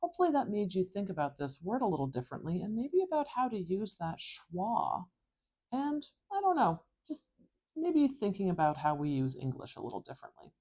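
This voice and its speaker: A woman teaching pronunciation, explaining each sound clearly, precisely and with emphasis. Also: medium pitch, big pitch swings, fairly quick, a little mellow. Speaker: phonetics teacher. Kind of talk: tutorial lesson.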